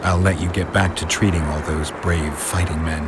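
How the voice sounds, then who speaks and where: Man voicing a deep-voiced grim monster hunter. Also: moderate pace, very noisy, close to an everyday voice. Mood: terse. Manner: terse, dry and flat. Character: grim white-haired male monster hunter. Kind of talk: video game voice acting.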